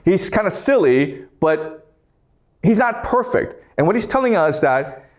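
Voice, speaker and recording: Man lecturing, slightly high voice, middle-aged, reads scripture then explains it casually, keeps asking okay. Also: sing-song, unhurried. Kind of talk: classroom lecture.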